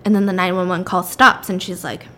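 Chatty woman with a bright voice. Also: on the low side, fairly even intonation, fairly quick. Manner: chatty, blunt, with casual swearing. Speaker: vlogger retelling a story. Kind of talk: casual storytelling recap.

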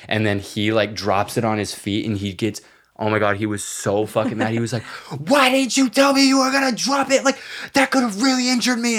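A young man co-hosting a podcast, telling animated stories in casual chat and swearing freely. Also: fairly low pitch. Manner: animated storyteller who swears freely and acts out quotes. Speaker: podcast co-host.

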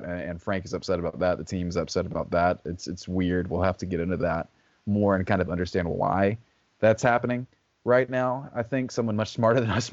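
A man co-hosting a casual sports podcast, relaxed and easygoing, with hesitant fillers. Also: on the low side, no room sound, lo-fi sound. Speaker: podcast co-host.

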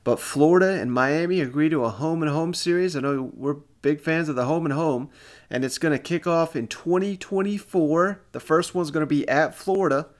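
A man hosting a casual sports podcast, upbeat and quick to laugh. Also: a little high. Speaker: podcast host.

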